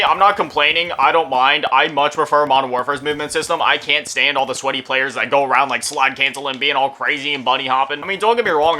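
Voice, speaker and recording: A man's voice: medium pitch, bright, forceful tone. A young man giving casual, rambling gameplay commentary as a gaming video host, full of fillers. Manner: rambling, filler-heavy, chatty. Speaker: gaming YouTuber.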